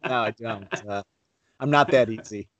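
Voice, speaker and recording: A middle-aged man co-hosting a podcast, talking in a laid-back, halting, wry way. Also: on the low side, fairly bright tone, dull audio. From Buffalo, New York. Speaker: podcast co-host. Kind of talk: casual chat.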